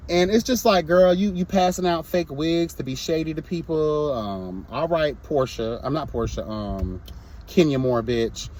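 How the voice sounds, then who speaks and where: A man's voice: on the high side, a little slow, darkish tone. A young man reviewing a reality show in a casual vlog, sassy and blunt, breaking into mocking impressions.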